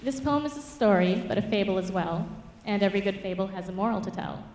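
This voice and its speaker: A woman mentor reading her own rhyming fable aloud at a public reading, with rhythmic, expressive storytelling. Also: medium pitch, fast talker. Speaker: writing mentor. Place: church hall at a public reading. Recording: echoey church hall from far off.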